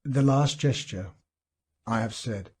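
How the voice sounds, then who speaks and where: A man reading a classic short story aloud in a measured, expressive storytelling manner. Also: slightly rough. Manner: measured storytelling with lively pitch. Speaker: audiobook reader.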